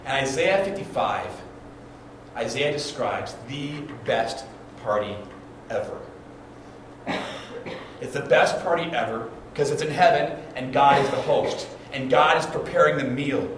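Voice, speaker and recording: A man preaching a sermon as a pastor, telling stories in an animated way and acting out the dialogue with stammered restarts. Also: medium pitch, a little slow. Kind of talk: storytelling sermon. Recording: very echoey room, distant mic, background noise.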